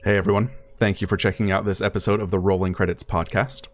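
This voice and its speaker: A man hosting a podcast, giving a steady announcer-style call to like and subscribe. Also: low-pitched, fast talker. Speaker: podcast host.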